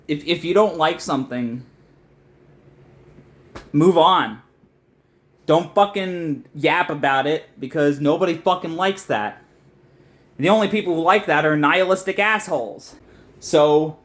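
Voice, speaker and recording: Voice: medium pitch, unhurried, fairly bright tone. A young adult video essayist ranting in a frustrated, profane, rambling way, with many restarts. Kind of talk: ranting commentary.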